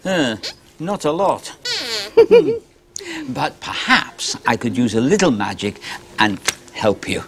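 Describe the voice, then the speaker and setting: A man's voice: mid-range voice, wildly swooping pitch, slow, creaky, long pauses, crowd noise. Playful sing-song man presenter. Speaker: children's TV presenter.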